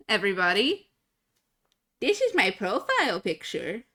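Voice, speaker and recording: Bright-voiced woman streamer, casual. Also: medium pitch, animated, normal speed. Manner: rambling and casual, swears freely. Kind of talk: casual live-stream chat. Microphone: desk microphone.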